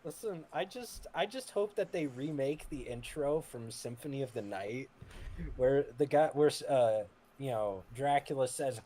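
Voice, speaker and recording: A man chatting casually on a stream in an excitable, playful way. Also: a little high, normal speed. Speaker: stream guest. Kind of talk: casual group chat.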